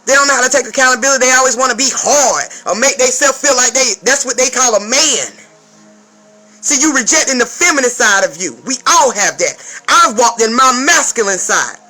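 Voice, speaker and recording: A woman's voice: fairly high pitch, lively intonation, moderate pace, bright, forceful tone, low-quality recording. Woman, spiritual advisor, profane emphatic vlog rant, piercing tense voice, faint music behind. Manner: profane, emphatic, keeps checking in with "okay?".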